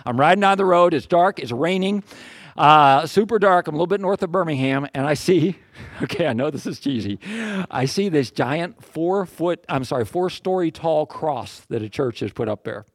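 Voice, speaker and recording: An older man preaching, telling a personal story in a folksy, self-deprecating, animated way. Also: on the high side, normal speed, no echo, studio quality. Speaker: pastor. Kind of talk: storytelling sermon.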